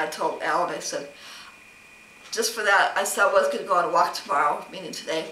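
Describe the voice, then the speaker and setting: A woman's voice: on the low side, fairly quick, sharp tone, distant mic, a little hiss or hum. A woman vlogger telling a long, rambling story about being snubbed, with an aggrieved tone and plenty of quoted back-and-forth. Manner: rambling, aggrieved retelling with many quoted exchanges. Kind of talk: casual personal storytelling vlog. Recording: roomy, off-mic with faint ambience.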